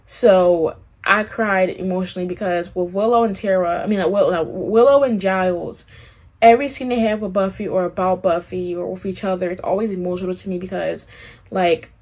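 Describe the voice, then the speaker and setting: A young woman hosting a reaction channel, talking in a rambling, excitable way with plenty of swearing and fillers. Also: fairly low pitch, normal speed. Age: young adult. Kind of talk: casual reaction commentary.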